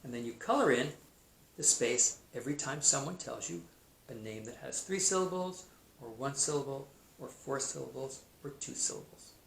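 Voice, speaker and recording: A male teacher giving a recorded math lesson to young children, speaking slowly and sounding out names syllable by syllable. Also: mid-range voice, gravelly. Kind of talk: kindergarten math video lesson. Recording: echoey room, faint noise.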